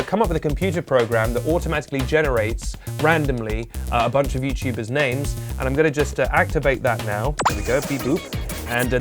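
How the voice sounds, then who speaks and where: A man hosting a comedic YouTuber news show, delivering absurd jokes deadpan. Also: mid-range voice. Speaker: host.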